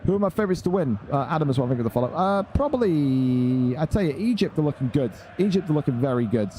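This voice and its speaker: A young man hosting a gaming stream in a loose, sweary way, slipping from easy updates into blunt rants at his chat. His voice sits a touch high for a man but sounds dark and mellow. A faint hiss stays under him on the home mic. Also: lively intonation, quick pace, hardly any pauses. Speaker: esports stream host. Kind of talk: casual live-stream commentary.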